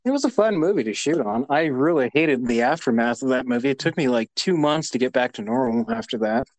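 A man's voice: medium pitch, lively intonation, brisk, a little mellow, no echo. A man co-hosting a podcast in casual chat, easygoing and agreeable, with hesitant restarts. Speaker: podcast co-host.

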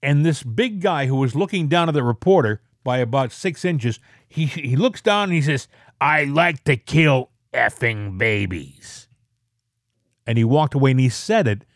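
A man co-hosting a talk show talks through politics in an opinionated, emphatic way. His pitch sits at an ordinary middle and climbs when he leans on a point. The sound is dry and close to the mic. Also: expressive, fairly quick, hardly any pauses, no echo. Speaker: co-host.

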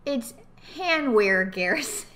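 A woman co-hosting a casual chat podcast, easygoing and quick to laugh. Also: fairly high pitch, expressive, a loud crowd. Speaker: podcast co-host. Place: home, Tennessee.

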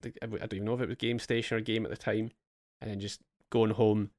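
A young man hosting a casual gaming chat, telling relaxed stories with swearing and bursts of remembered excitement. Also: lowish voice, fast, no room sound, studio quality. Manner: relaxed storytelling, swears, acts out his past excitement. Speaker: podcast host.

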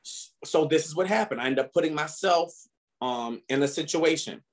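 A man co-hosting a podcast, chatting casually and telling stories animatedly, often laughing and rising in pitch when indignant. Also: moderate pace. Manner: animated storytelling with frequent laughter. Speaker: podcast co-host. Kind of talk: casual chat.

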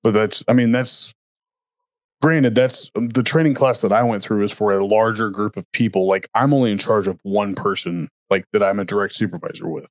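A man's voice: fairly low pitch, fairly even intonation, brisk, no echo, studio quality. A man co-hosting a podcast, talking casually and rambling with frequent restarts. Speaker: podcast co-host. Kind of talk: casual chat.

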